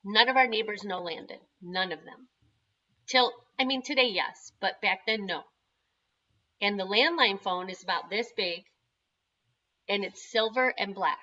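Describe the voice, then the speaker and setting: Bright-voiced mother. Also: medium pitch, a little slow, pauses often, dull audio. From Chicago. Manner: acts out dialogue in quotes. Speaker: parent and autism advocate. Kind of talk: animated storytelling.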